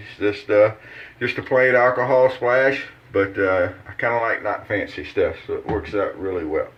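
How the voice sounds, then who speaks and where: This shaving video features a man with a medium-pitched voice, the highs cut off, giving casual how-to chat at his bathroom sink. He's folksy and rambling, with plenty of filler words as he shaves.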